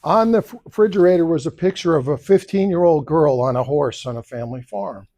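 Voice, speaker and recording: A man's voice: on the high side, brisk, warm tone. A man running for office, giving a campaign speech at a luncheon and telling personal stories, acting out the other people's lines as he quotes them. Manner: storytelling, acting out quoted voices. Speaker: political candidate. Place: luncheon event room.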